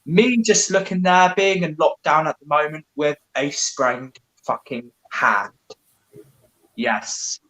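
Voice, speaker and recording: A man's voice: on the high side, slow, a bit bright. A man doing a casual stand-up set at home during lockdown, swearing a lot. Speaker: comedian. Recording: echoey room.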